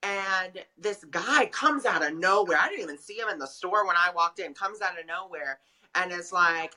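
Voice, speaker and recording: Bright-voiced man telling a story. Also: high-pitched, normal speed. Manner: animated, acts out dialogue in other voices; chatty, many "you know" fillers. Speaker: guest, forgiveness guide. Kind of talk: casual interview storytelling.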